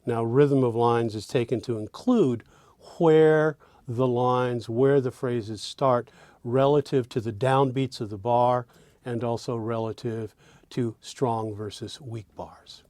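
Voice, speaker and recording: Slow, measured male songwriting teacher. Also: medium pitch, steady tone, darkish tone, no room sound. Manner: measured, explanatory, with hesitant "uh" pauses. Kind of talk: explaining song structure.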